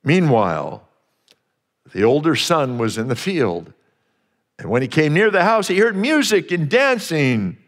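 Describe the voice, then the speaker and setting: A man's voice: fairly high pitch, very animated, a little slow, in a large hall. A male pastor preaching a sermon earnestly, repeating phrases for emphasis and sometimes restarting mid-sentence.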